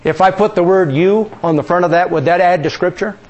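A man's voice: sits high, fairly quick, a little mellow, muffled recording. A man preaching a sermon as pastor, asking the congregation questions and leading them in reciting lines.

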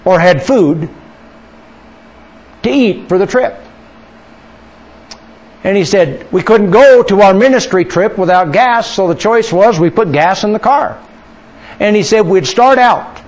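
A man preaching a sermon, asking the congregation questions and slowing down for emphasis. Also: high-pitched. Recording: dull lo-fi sermon recording.

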